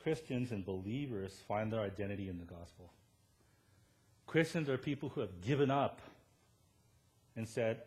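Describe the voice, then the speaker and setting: A male pastor preaching a sermon in a church, telling self-deprecating stories and often checking in with "right?" before rising to loud emphatic points. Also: on the low side, moderate pace, pauses often. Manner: animated storytelling, rising to loud emphatic peaks, tag questions "right?".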